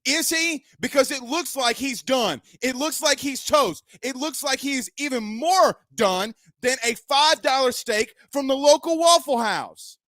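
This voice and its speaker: A man's voice: very high-pitched, a little slow, few pauses, dry recording. A man hosting a sports show, ranting about his team's loss and raising his voice. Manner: ranting, shouting at times. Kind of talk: fired-up sports rant.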